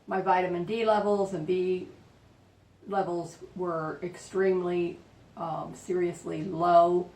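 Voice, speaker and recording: A woman vlogging a quilting tutorial at home, rambling and excitable with lots of fillers. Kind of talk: casual chatty craft tutorial. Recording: roomy, distant mic, faint rumble.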